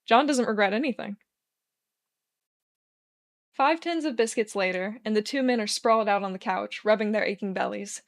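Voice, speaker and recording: A woman narrating a fan story aloud in a steady, even way, with a voice of middling pitch. Her pacing is plain and unhurried as she walks through the scenes. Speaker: fan fiction reader.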